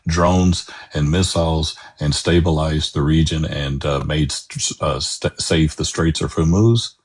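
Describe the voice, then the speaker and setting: A man calling into a live stream to argue politics, halting with many fillers but firm in his views. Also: extremely low pitch, husky. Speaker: caller. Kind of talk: casual political debate.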